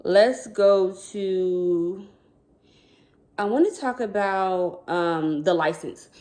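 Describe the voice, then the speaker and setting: A woman's voice: mid-range voice, drawn-out words, dark tone. A woman who works as a school counselor telling a personal story to her viewers in a casual, rambling way, often calling them "y'all". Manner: chatty, rambling, addresses viewers as "y'all", acts out quoted dialogue.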